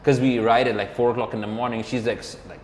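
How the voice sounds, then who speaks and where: Fast and flat, with a medium-pitched, somewhat dark voice, a man rambles through a casual story. He's a motorcyclist who co-hosts a podcast, leaning on fillers like "like" and "or whatever" and voicing what others told him, all in a reverberant room with a low hum.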